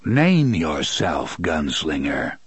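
A man voicing a playful, sinister talking train machine that speaks in a slow, booming, leisurely drawl. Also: sing-song, husky, dry recording, full character voice.

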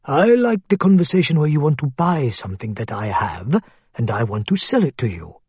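A man's voice: mid-range voice, big pitch swings, moderate pace, a little mellow, breathy edge, dry recording, full character voice. A man voicing an old male antiques dealer, shrewd and jovial, with a thick Arabic accent. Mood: jovial, bargaining.

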